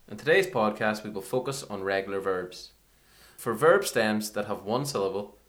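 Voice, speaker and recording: A man presenting a scripted language lesson, clearly repeating each example sentence for learners. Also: fairly low pitch, fairly bright tone. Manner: clear, careful repetition for learners. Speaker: language teacher.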